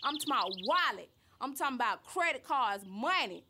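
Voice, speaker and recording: A brash, cussing Atlanta gossip. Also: female voice, sits high, big pitch swings, brisk, heavily acted. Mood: indignant. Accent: Atlanta Southern. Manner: loud, cussing, boastful storytelling. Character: brash, crude young woman gossiping to a friend.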